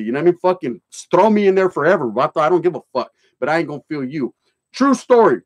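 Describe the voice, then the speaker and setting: A man's voice: a little high, very animated, quick pace. A middle-aged man from California hosting a casual livestream, reading chat and telling stories in streetwise slang with plenty of swearing.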